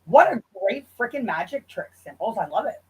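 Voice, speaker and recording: A woman's voice: a little high, very animated, fairly quick, a little mellow, poor audio. An American woman co-hosting a casual livestream, swearing and griping about chat as she reads it. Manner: profane, exasperated, reads chat aloud. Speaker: co-host of a livestream.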